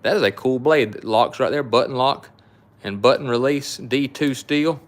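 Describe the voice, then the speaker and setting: A man's voice: mid-range voice, normal speed. A middle-aged man, hosting a live knife sale and chatting in a folksy, rambling way with his viewers. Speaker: knife shop host. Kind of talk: casual live-stream sales chat.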